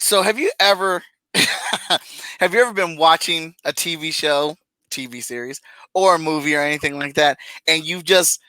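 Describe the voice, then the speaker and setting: A man co-hosting a casual podcast chat, ranting in an animated, exasperated way and laughing between points. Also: a little high, no room sound, rough recording. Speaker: podcast co-host.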